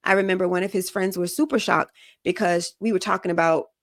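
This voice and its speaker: A woman's voice: fairly low pitch, steady tone, brisk, dry recording, studio quality. A woman hosting a podcast, giving relationship advice in a frank, casual way and often checking that listeners follow her. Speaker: podcast host.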